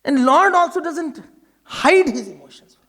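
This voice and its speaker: Animated male spiritual teacher. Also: extremely high pitch, a little slow. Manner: animated storytelling, acting out dialogues with humor. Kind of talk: spiritual discourse.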